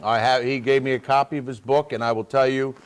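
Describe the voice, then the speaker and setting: A man's voice: mid-range voice, fairly even intonation, fast talker. Earnest man telling stories on a talk show. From Pennsylvania. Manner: earnest, many restarts, storytelling. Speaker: state representative guest. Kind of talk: casual talk show conversation.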